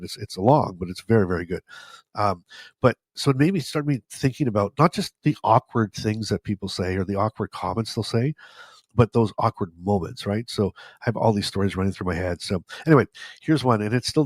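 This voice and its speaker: A man's voice: on the low side, no echo. A man hosting a podcast, telling stories in a casual, joking, self-deprecating way with a stuffy nose. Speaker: podcast host. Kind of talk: casual storytelling monologue.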